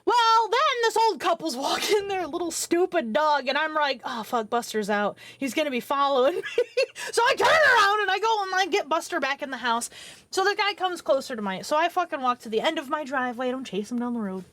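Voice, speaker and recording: A woman in her thirties, a streamer telling a long personal story to her viewers in a profane, rambling, animated way. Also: sits high, a little fast, no echo. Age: 30s.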